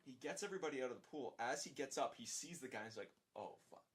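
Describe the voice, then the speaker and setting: A young man, a podcast guest, telling a story in casual chat, animated, swearing freely and acting out the dialogue. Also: medium pitch, rapid-fire.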